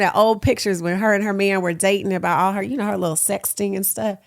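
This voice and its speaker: A woman's voice: medium pitch, steady tone, fast, few pauses. A woman in her late thirties hosting her own podcast, talking frankly and playfully, laughing often and cheering listeners on. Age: 30s. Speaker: podcast host. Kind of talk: casual solo podcast talk.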